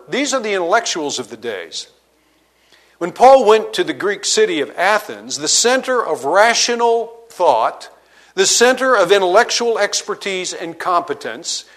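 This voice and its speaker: A man preaching a sermon, reading scripture aloud and retelling it in everyday words, dropping low and quiet to stress key points. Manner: expository preaching, reads scripture aloud and paraphrases it conversationally; dynamic delivery, drops low and quiet for emphasis. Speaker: pastor.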